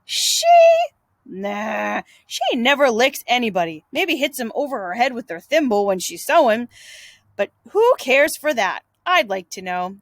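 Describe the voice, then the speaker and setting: A woman's voice: a little slow, no echo, heavily acted. A woman voicing a cunning, boastful boy in a read-aloud storybook, talking in an eager, coaxing way. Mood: persuading. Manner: coaxing, eager, raised excited pitch.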